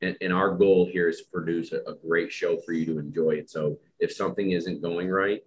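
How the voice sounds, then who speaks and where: A man's voice: deep voice, fairly even intonation, fairly quick. A man hosting a casual podcast, a dog trainer who chats in a rambling, joking way. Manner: chatty, rambling, self-deprecating joker.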